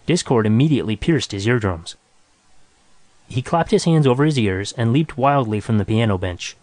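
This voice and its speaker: A man reads a short story aloud in a steady, measured voice. The sound is close and dry, with no room around it. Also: medium pitch, dry recording. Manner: even, measured reading. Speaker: narrator. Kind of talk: scripted story narration.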